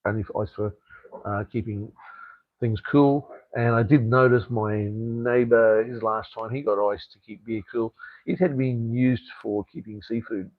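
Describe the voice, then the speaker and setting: A man's voice: mid-range voice, steady tone, unhurried, dry recording, narrow, tinny audio. Blunt, rambling Australian man. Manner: rambling, blunt, swears freely, many restarts. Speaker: live stream host. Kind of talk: casual live-stream chat.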